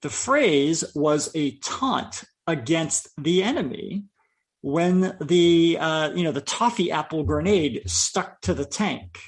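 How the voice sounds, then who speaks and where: A man's voice: fairly high pitch, lively intonation, slow pace. A man co-hosting a podcast in casual chat, easygoing and hesitant, with lots of fillers. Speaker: podcast co-host.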